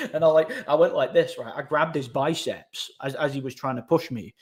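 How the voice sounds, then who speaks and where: A man's voice: on the high side, normal speed, slightly rough. A man, casually telling a story as host of his own channel, repeating words and using many fillers.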